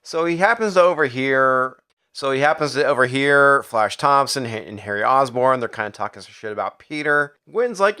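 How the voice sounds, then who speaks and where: A man's voice: mid-range voice, animated, normal speed, bright, forceful tone, clear, resonant tone. Profane sarcastic man reviewing comics. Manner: profane, sarcastic, jumps into character voices. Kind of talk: casual crude recap with acted quotes.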